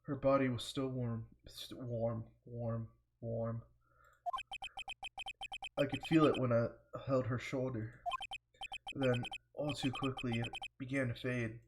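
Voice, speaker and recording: A man's voice: mid-range voice, little pitch movement, takes it slowly, music in the background, rough recording. A man voicing an earnest young defense attorney from a video game in a put-on Southern US accent. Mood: somber.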